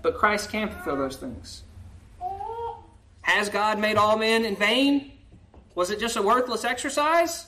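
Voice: medium pitch, expressive, measured pace, bright, forceful tone. A preacher reading a psalm in old-fashioned wording and explaining it in plain talk, often asking "right?" and rising to a pleading tone when voicing the lament. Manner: often asks the listeners "right?". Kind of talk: sermon.

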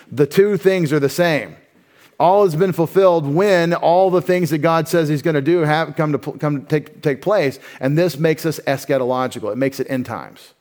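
A man's voice: on the high side, darkish tone. A male pastor preaching an expository sermon, talking conversationally with wry asides and frequent self-corrections.

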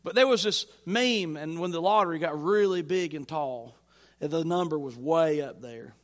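Male pastor, high voice, emphatic church sermon delivery. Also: moderate pace. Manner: emphatic, repeats phrases with rising force.

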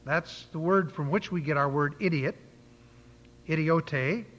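A man's voice: on the high side, unhurried, fairly bright tone. A man preaching a sermon, retelling a Bible story and explaining words with frequent fillers. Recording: dull lo-fi church hall recording.

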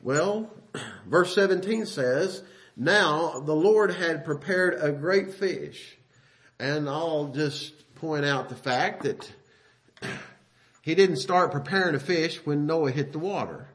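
Preacher guy, kinda high voice, chatty sermon, reads old bible verses and keeps correcting himself. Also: slow, a bit bright. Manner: folksy, conversational preaching with asides and self-corrections; reads King James scripture aloud with emphasis.

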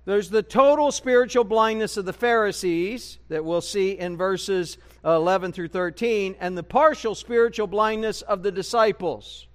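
A man delivering a sermon as a pastor, his voice pitched high and notably smooth and clear. He preaches conversationally, throwing rhetorical questions to his listeners. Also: moderate pace, hardly any pauses. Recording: church broadcast recording.

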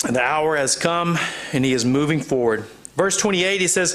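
Male Bible teacher, fairly high voice, conversational, reads scripture then explains. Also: moderate pace, a bit bright. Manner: conversational, reads scripture aloud, frequent "uh" fillers. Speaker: pastor.

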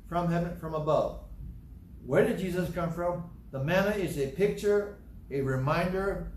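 A man preaching in a church or hall, voice somewhat high for a man. He teaches emphatically, repeats his phrases and answers his own questions. The sound is roomy and echoey, picked up from a distance. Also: darkish tone, a little hiss or hum. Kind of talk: sermon, Bible teaching.

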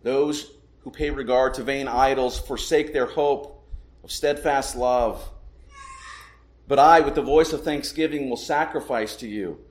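Solemn preacher in an echoey church. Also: male voice, medium pitch. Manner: solemn, measured, slows for emphasis. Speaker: pastor. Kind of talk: sermon with prayer and scripture reading.

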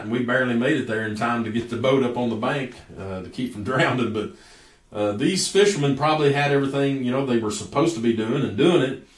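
Folksy preacher, echoey room. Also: male voice, medium pitch, a bit bright, distant mic. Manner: folksy storytelling, drawn-out emphasis. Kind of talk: sermon.

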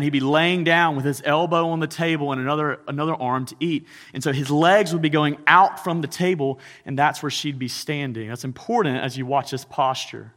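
A man preaching a sermon as a pastor, swinging between loud emphasis and hushed intensity. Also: mid-range voice, long reverb tail.

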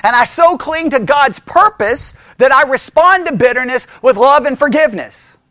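High-voiced animated man teaching in church. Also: normal speed, no room sound, clean studio sound. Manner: animated, emphatic, acts out voices. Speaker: Bible study teacher. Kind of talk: informal teaching sermon.

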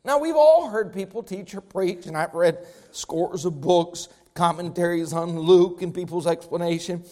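High-voiced man preaching a sermon. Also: moderate pace, darkish tone. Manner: emphatic, rising and falling preaching cadence. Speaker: pastor.

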